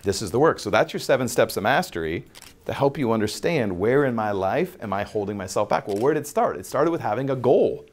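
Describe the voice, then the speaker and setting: A man's voice: mid-range voice, lively intonation, a little fast. A man talking as a life coach on a podcast, blunt and profane, acting out little scenes as he makes his points. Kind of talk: motivational podcast talk.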